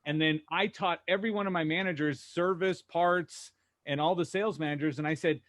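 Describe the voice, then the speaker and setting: A man co-hosting a podcast, telling lively anecdotes and acting out what people said. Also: fairly high pitch, fairly quick. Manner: animated anecdotes, acting out quotes. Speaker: co-host. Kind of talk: casual podcast storytelling.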